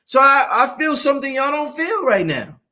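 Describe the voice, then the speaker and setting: Excitable high-voiced man hosting a show. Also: moderate pace. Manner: loud, excitable, swings high and low, laughs often, swears freely. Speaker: show host. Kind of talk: animated livestream monologue.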